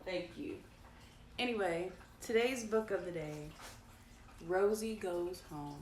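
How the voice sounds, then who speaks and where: A woman's voice: fairly low pitch, takes it slowly, a little mellow, a little hiss or hum. A woman, hosting a chatty, playful bedtime story reading for kids. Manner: chatty, playful, talks to her audience. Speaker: children's book reader. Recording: echoey room with faint ambience.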